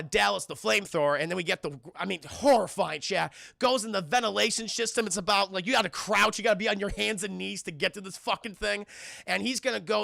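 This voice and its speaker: A man streams a casual film breakdown, talking straight to his chat in an excitable, profane rush. His voice sits high and heavy with fry, with a bright, forceful edge. The sound is close and dry. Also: no room sound. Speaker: film reviewer streaming live. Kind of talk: casual spoiler retelling to a live chat.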